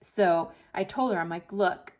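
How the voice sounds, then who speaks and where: Chatty woman storyteller, lowish voice. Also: a little slow. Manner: animated, retells with quoted dialogue. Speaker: planner vlogger.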